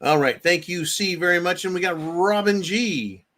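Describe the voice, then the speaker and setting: A fired-up middle-aged man hosts a political rant, swearing freely and slipping into sarcastic mock quotes. His voice sits a touch high for a man. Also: moderate pace, a bit bright. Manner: angry, profane, sarcastic mock-quoting. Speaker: political commentary host. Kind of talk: ranting political commentary.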